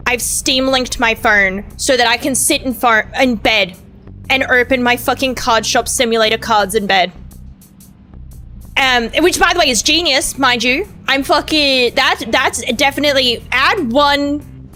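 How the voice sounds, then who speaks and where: Young female streamer, high-ish bright voice, loose profane rambling chat, light music under it. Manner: rambling, profane, self-mocking. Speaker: VTuber streamer. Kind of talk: casual gameplay stream chat.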